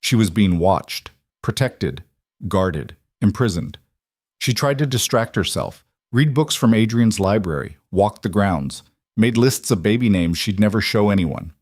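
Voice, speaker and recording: A man narrating a dark romance story in a measured, dramatic way. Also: on the low side, lively intonation, no echo, clean studio sound. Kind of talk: scripted narration.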